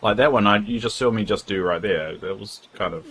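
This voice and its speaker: A man's voice: fairly low pitch, quick pace, fairly bright tone. A man chatting casually and frankly while streaming a game, rambling from thought to thought. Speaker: livestreamer. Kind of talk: casual gameplay chat.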